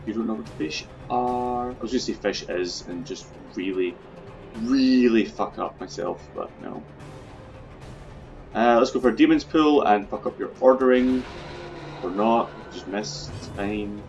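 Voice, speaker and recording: A man's voice: on the low side, unhurried, vocal fry, lo-fi sound, over music. A man casually commenting on his own gameplay, chatty, swearing freely and talking through his plans. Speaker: video game let's player.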